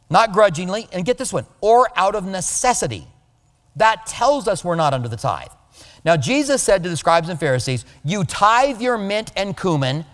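A male pastor giving a conversational sermon, animated and now and then mimicking other people's voices. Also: high voice, long reverb tail.

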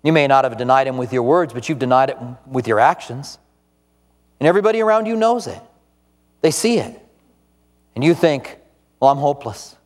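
A man preaching a sermon as pastor, telling a story with lively emphasis and acting out the quoted lines. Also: medium pitch, a little fast, long pauses, big-room sound. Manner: animated storytelling, acts out quoted voices.

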